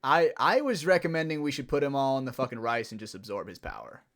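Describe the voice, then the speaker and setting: A man's voice: medium pitch, lively intonation, fast, a bit bright. A young adult man co-hosting a podcast, talking in a profane, emphatic, rambling way. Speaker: podcast co-host. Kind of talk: casual podcast chat.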